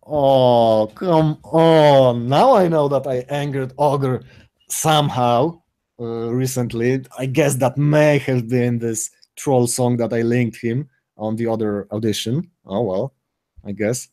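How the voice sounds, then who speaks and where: A middle-aged man chats on a live stream and reads out viewer comments. He speaks haltingly, stopping to correct himself, with a mellow, soft-edged tone at a middling pitch. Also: steady tone. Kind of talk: casual chat, reading out chat comments.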